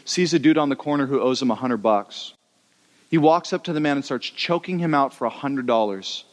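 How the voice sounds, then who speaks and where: Animated male preacher in a reverberant hall. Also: a little high. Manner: animated, conversational preaching that acts out stories. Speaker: pastor. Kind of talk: sermon.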